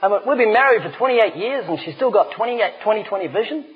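A man's voice: high voice, fast talker. A middle-aged man preaching a sermon, telling stories with humor and emphatic delivery. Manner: animated storyteller, emphatic. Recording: dull lo-fi recording.

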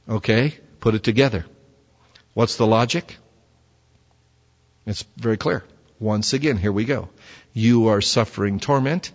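A man's voice: mid-range voice, expressive, moderate pace, long pauses. A man preaching a sermon in a conversational way, full of rhetorical questions. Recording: dull sound with long hall reverb.

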